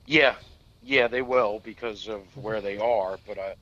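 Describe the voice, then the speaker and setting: Male radio co-host, blunt and emphatic, bright forceful tone, slightly dull lo-fi sound. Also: on the low side, fairly even intonation, unhurried, dry recording. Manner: emphatic and blunt, swears when heated. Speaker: radio talk show co-host. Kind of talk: casual political talk radio chat.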